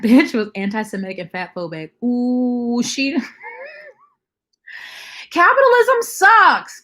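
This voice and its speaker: A young woman hosting a casual livestream, bluntly reacting to chat comments and swearing freely. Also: fairly high pitch. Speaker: livestream host.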